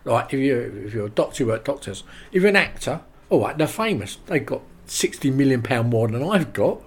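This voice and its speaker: Lively man telling stories. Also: mid-range voice, fairly quick, husky. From England. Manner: animated anecdotes with quoted voices and laughs. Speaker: interview guest. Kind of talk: casual storytelling.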